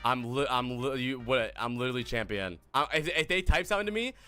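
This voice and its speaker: A man streaming a game, talking casually and excitedly to his chat, joking and swearing as he plays. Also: mid-range voice, a little fast, clean tone, faint music behind. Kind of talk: casual gaming livestream chat.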